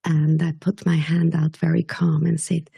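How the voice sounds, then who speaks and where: Low gravelly woman, slow and hushed. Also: completely flat delivery, dry recording. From Switzerland. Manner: slow, measured, sometimes dropping to a whisper. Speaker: guest. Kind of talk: podcast interview storytelling.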